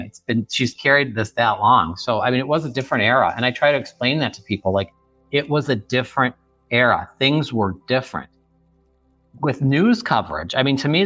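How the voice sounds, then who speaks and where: A man in his fifties from the Chicago area, telling a family story as a guest on a podcast, earnest and halting. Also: mid-range voice, a bit bright, no room sound. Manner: earnest, halting, many restarts. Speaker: author guest. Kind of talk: podcast interview.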